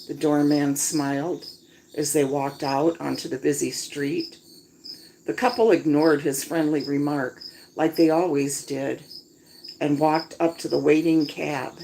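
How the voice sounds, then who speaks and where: A woman's voice: sits low, steady tone, a little slow, dark tone, slight background noise, rough recording. A woman reading a story aloud outdoors at night and chatting casually to listeners between passages. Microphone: phone propped on a chair. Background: crickets and insects.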